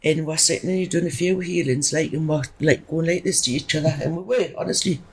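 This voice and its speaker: A woman's voice: low voice, fast talker, husky, rough recording. A middle-aged woman, chatting emphatically as a podcast guest and telling a rambling personal story. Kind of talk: casual storytelling.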